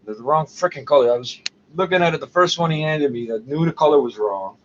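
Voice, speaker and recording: A man's voice: on the high side, fast talker, muffled recording, a little hiss or hum. A man rambling profanely to camera in a casual monologue, muttering asides and tagging lines with "eh?". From Canada. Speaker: vlogger.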